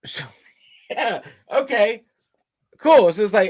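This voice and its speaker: A man's voice: high-pitched, expressive, slow. A man co-hosting a reaction video, joking in laid-back slang. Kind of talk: casual reaction chat.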